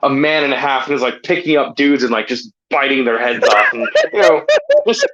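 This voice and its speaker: A man's voice: medium pitch, sing-song, fairly quick, fairly bright tone, lo-fi sound. A man co-hosting a comedy podcast, telling a rambling story in casual chat with lots of filler words. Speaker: podcast co-host.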